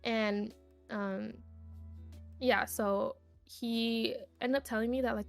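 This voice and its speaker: A woman's voice: a little high, takes it slowly, gravelly, faint music behind. Chatty young woman saying "like" constantly. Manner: rambling, heavy use of "like", animated retelling. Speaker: podcast guest, streamer. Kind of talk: casual storytelling chat.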